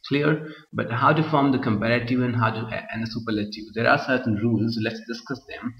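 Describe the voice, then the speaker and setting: A man's voice: medium pitch, fairly even intonation, fairly quick. Male teacher in an echoey room. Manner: repeats points, keeps asking "Clear?". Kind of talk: classroom grammar lesson. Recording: muffled echoey room, voice drifting from mic.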